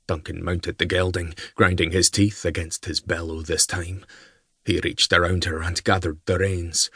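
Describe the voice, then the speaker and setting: A man narrating an audiobook in a measured storytelling manner. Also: low voice, flat delivery, sharp tone, slightly rough, no room sound, studio quality. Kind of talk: scripted narration.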